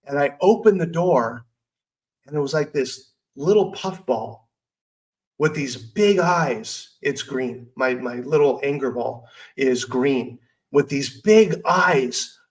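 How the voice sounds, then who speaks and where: A man's voice: mid-range voice, lively intonation, takes it slowly, rough recording. A middle-aged man hosting a personal growth podcast, speaking earnestly and candidly in a conversational way. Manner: earnest, candid, conversational with self-talk asides. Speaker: podcast host. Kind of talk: personal motivational talk.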